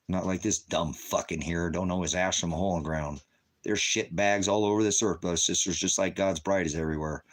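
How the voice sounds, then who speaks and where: A middle-aged man with a very deep, low voice hosts a ministry livestream and answers his chat. He swears freely and taunts his critics in a combative way. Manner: profane, combative, taunting, with bursts of laughter. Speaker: ministry host.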